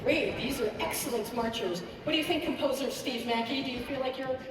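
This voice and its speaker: A woman hosting a children's concert, teaching young listeners in a lively, encouraging way, speaking in a large auditorium. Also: sits high, a little fast, loud music behind the voice. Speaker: pianist and children's concert host. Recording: echoey hall from far off.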